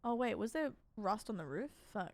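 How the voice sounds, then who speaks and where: A woman's voice: mid-range voice, animated, moderate pace, no echo. A young woman, chatting casually and joking about herself as she streams a game, with casual swearing. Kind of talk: casual gameplay commentary.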